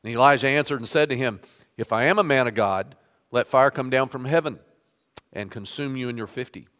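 A man's voice: mid-range voice, brisk, a bit bright, clear, resonant tone, in a large hall. A man preaching a sermon, reading scripture aloud and stressing the quoted lines, then leading a prayer. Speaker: pastor. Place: church sanctuary.

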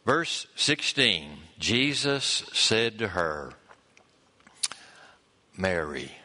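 A man preaching a sermon, reading scripture aloud and acting out the quoted lines with chuckles and pauses. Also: medium pitch, lively intonation, bright, forceful tone. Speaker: pastor.

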